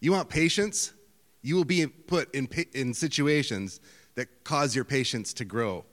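A middle-aged man preaching a sermon in a conversational, self-deprecating storytelling manner, with lively outbursts. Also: medium pitch, unhurried. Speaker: pastor. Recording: hall reverb.

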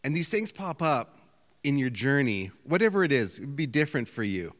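A middle-aged man delivers a sermon in an easy, conversational way, telling stories and poking fun at himself. His voice sits at an ordinary pitch for a man and carries a long reverb, as if he is speaking in a large hall. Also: fairly quick. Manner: conversational storytelling, self-deprecating, lively outbursts. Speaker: pastor.

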